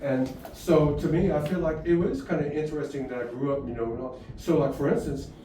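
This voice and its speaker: A man's voice: fairly high pitch, steady tone, brisk, warm tone. A man, telling long rambling stories as a guest and laughing often. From Houston, Texas. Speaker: guest musician. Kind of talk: storytelling in conversation. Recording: echoey room, far from mic, faint noise.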